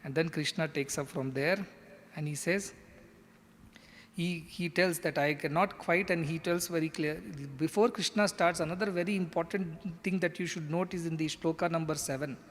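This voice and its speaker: Guy lecturing on scripture, kinda high voice, long echo like a hall. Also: steady tone, normal speed. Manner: earnest, explains step by step. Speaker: scripture teacher. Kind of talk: explanatory lecture.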